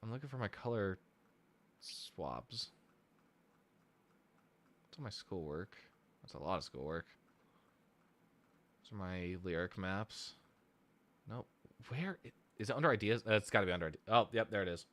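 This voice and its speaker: A man's voice: lowish voice, animated, moderate pace, long pauses, fairly bright tone. A man chatting casually on a live stream, rambling and self-deprecating as he thinks aloud, tired from lack of sleep. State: sleep deprived. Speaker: streamer and musician.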